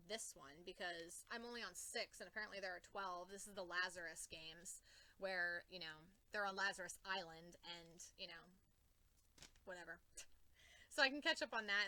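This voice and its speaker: A woman rambling casually as a comics vlogger, excitable and gushing, swearing often and full of fillers. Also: medium pitch, low-quality recording.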